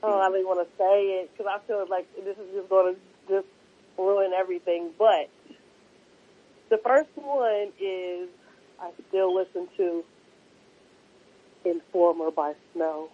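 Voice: medium pitch, steady tone, moderate pace. A guest chatting playfully on a show, defending their own music taste. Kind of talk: casual chat. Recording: tinny phone-like call line.

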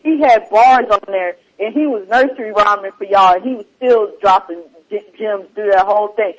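Casting: male podcast host, very high-pitched, husky, playful and argumentative. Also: moderate pace, muffled recording. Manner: animated, teasing, rapping lines aloud. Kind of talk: casual chat.

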